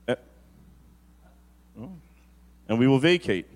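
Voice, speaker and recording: A man preaching a sermon as pastor, moving from quick storytelling to slow, drawn-out emphasis on key phrases. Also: medium pitch, animated, a little mellow.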